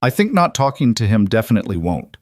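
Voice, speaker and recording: A man voicing a steady, blunt cowboy rancher in a storybook reading, speaking in a measured, firm, plain-spoken way. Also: fairly low pitch, dry recording, studio quality. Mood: resolved.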